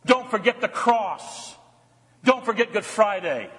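The pastor's high, fairly bright voice is expressive yet measured as he preaches in a church sanctuary where the long reverb lingers. He poses rhetorical questions, returns to refrains, and draws call-and-response lines from the congregation.

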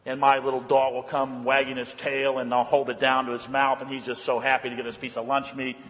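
A male pastor preaching a sermon in an animated way, climbing high for emphasis and dropping low and quiet for reflection. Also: brisk. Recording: long hall reverb.

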